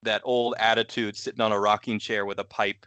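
A man's voice: fairly low pitch, little pitch movement, a little fast, sharp tone, smooth, no echo. A man co-hosting a podcast, chatting casually and rambling with lots of fillers. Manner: rambling, many fillers and laughs. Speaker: podcast co-host. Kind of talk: casual chat.

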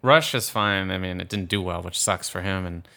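A man co-hosting a casual movie podcast, animated and acting out quotes as he talks. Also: sits low, moderate pace, gravelly, clear, resonant tone. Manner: animated, acts out quoted voices. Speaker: podcast co-host.

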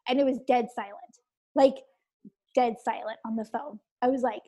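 A woman's voice: a little high, moderate pace. A woman in her forties, a podcast guest, telling a story casually and animatedly, acting out quotes, saying "like" constantly and laughing often. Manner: animated retelling, acts out quotes, says "like" constantly.

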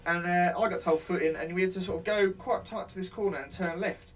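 Bloke, slightly high voice, swearing his way through army stories, casual chat. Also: fairly even intonation, brisk. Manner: swearing, rambling, laughing anecdotes. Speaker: ex-soldier telling war stories.

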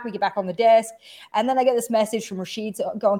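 Animated woman telling a story. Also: on the high side, fast talker. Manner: animated, swears freely, acts out quotes. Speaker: esports broadcaster. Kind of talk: casual storytelling chat.

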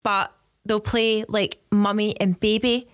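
A Scottish woman co-hosting a parenting podcast, telling relaxed stories about her daughters' games. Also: mid-range voice, measured pace, no room sound, clean studio sound. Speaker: podcast co-host. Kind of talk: casual chat.

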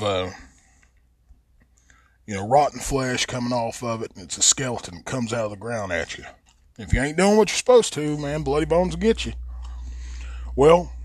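Speaking with an Appalachian accent, a podcast host delivers a casual monologue that rambles, stays blunt, and is full of swearing. His voice is medium-pitched and slightly rough, with no echo.

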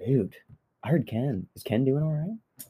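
A young man co-hosting a podcast, reacting with quick slangy exclamations. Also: medium pitch, lively intonation, warm tone, breathy edge. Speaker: podcast co-host. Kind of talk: casual podcast chat.

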